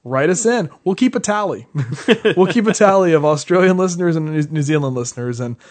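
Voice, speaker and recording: A man's voice: a little high, lively intonation, brisk, a little mellow. A man co-hosting a casual podcast, chatty and laughing between remarks. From United States. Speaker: podcast co-host.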